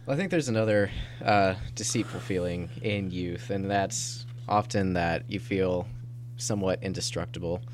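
A man taking part in a casual discussion of a novel, speaking in a measured, thoughtful way. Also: deep voice, slight background noise. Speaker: discussion participant.

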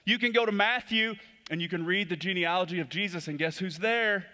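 A pastor delivering a sermon in a church, moving from quick urgent lines to slow hushed emphasis. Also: male voice, sits high. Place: church sanctuary.

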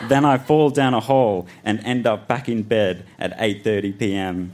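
A man reads his childhood story to a festival crowd, shouting out his own quoted lines. His voice sits somewhat low. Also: moderate pace, few pauses, slight background noise. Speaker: guest reader. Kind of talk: reading his childhood story aloud on stage. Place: outdoor festival stage.

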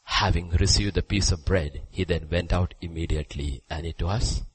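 A man preaching a sermon who swings between hushed, low passages and loud, high exclamations. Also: steady tone, normal speed, hardly any pauses, husky, no room sound, poor audio.

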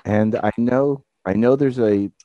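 A man's voice: medium pitch, unhurried, warm tone, no echo, highs cut off. A man co-hosting a podcast, easygoing and chatty. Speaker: podcast co-host. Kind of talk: casual chat.

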